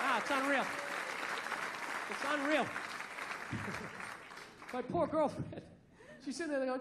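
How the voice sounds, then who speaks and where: Brash, high-voiced comedian in his forties. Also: moderate pace, pauses often, very noisy. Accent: Boston. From Massachusetts, USA. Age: 40s. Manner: brash, profane, ranting with mock outrage. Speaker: stand-up comedian. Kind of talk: stand-up comedy set. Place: theater stage. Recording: echoey theater with crowd laughter. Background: audience laughter and ambience.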